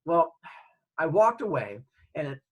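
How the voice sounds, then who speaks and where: A middle-aged podcast host spins a casual story in a husky voice that sits a little high. He talks in an animated, chatty way, full of likes and asides, and his pitch swings a lot. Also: unhurried, highs cut off.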